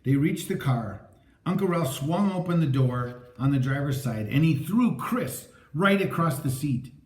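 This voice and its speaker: Male narrator, storybook reading, animated, slightly high voice, roomy echo. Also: a little slow. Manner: dramatic, lively reading. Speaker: audiobook narrator. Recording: echoey room.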